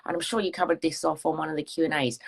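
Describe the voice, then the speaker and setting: A woman's voice: low voice, level tone, very fast, gravelly, breathy edge. Chatty, rambling woman coach. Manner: rambling, self-deprecating, chatty. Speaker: fitness coach. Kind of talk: casual chat.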